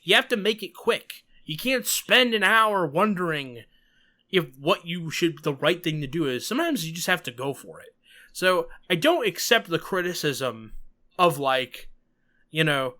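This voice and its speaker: This podcast host, a New Yorker, speaks a little slowly, his bright, high voice moving up and down in pitch. His casual chat is animated and emphatic, peppered with sarcastic asides.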